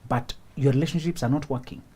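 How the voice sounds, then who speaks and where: This talk show host speaks fast at a medium pitch, his tone dark and slightly rough. He gives relationship advice in a preachy way, repeating points for emphasis and often laughing as he acts out little scenes.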